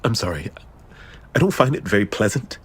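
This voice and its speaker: A man's voice: on the low side, very animated, brisk, breathy edge, heavily acted. An actor playing a polite, bewildered man caught up in strangers' drama, who speaks hesitantly. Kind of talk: theatrical stage acting.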